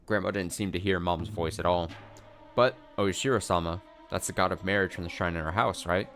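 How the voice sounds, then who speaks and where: A man's voice: low-pitched, steady tone, brisk, fairly bright tone, soft background music. Een man met een zeer lage stem leest een visual novel voor, rustig en ernstig, met zachte muziek op de achtergrond. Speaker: let's play narrator. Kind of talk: reading a visual novel aloud.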